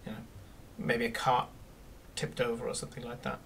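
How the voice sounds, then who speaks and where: A man narrating a tabletop game as its game master, at a middling pitch. He rambles with lots of ums and restarts. His voice comes from a little away from the mic. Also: completely flat delivery, fairly quick, gravelly, fairly bright tone, husky, recorded from a distance. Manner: rambling with many fillers and restarts.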